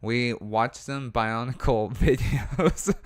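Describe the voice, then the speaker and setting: A man co-hosting a casual livestream, relaxed, reading out viewer messages with dry humor. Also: medium pitch, takes it slowly. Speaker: co-host reading chat.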